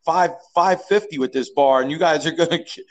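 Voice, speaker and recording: A man's voice: fairly high pitch, a little fast, rough recording. Man spinning rowdy, profane gym stories. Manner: profane, rambling, animated storyteller. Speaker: strength coach and guest. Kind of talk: casual storytelling interview.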